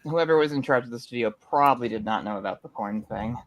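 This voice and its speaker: A man's voice: mid-range voice, fast, no room sound. A man co-hosting a casual movie discussion, tentative and thinking aloud with fillers. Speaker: podcast co-host.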